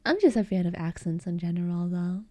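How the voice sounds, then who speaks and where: A woman's voice: on the low side, lively intonation, brisk, mellow, no room sound. An American woman with an Eastern American accent, chatting casually with her live chat as a streamer and giggling often. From United States.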